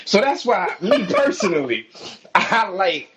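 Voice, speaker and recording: A joking man from New York City who laughs a lot. His voice sits a bit high and swings widely in pitch. He co-hosts a loose, casual podcast. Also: sing-song, unhurried, fairly bright tone, low-quality recording. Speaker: podcast co-host.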